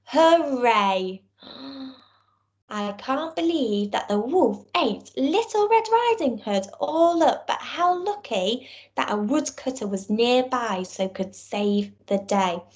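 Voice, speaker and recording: Slow, lively teacher reading to small children. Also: female voice, high-pitched. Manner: encouraging, clear and expressive, speaking to small children. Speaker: primary school teacher. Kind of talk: recorded lesson and storybook reading for young children.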